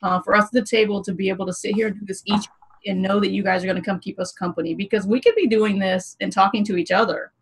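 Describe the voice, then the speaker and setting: A woman's voice: medium pitch, fairly even intonation, fast, breathy edge, poor audio. A woman hosting a gaming livestream panel. She talks to viewers in an earnest, rallying way and swears casually. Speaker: host.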